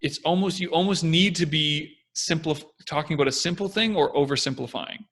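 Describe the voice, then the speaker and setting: A young man co-hosting a casual talk, explaining ideas in an animated way and acting out confident and hesitant voices. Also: on the high side, fairly quick. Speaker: podcast co-host. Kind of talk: casual discussion.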